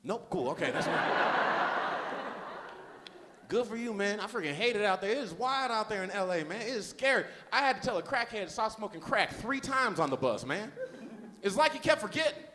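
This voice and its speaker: Animated high-pitched male stand-up comic. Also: normal speed, in a large hall, background noise. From Los Angeles, USA. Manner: loose, slangy, self-mocking storytelling. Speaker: stand-up comedian. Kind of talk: stand-up comedy set. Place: comedy festival stage.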